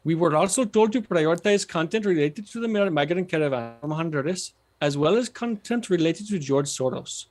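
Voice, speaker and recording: A man's voice: a little high, animated, fairly quick, few pauses, lightly acted. A man putting on an Indian accent to read out policy as a male office manager.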